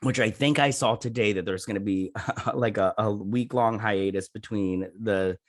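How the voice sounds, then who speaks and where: A man's voice: lowish voice, normal speed. A man hosting a casual TV episode review, rambling and chatty with lots of fillers and restarts, talking through a sore throat. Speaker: YouTube TV review host.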